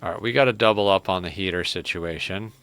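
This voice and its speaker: A man's voice: low-pitched, quick pace, clear, resonant tone. A man streaming a strategy game live, chatting casually and breaking off to coo at his cat. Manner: chatty, talks to his cat in soft baby talk. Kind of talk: live gameplay commentary.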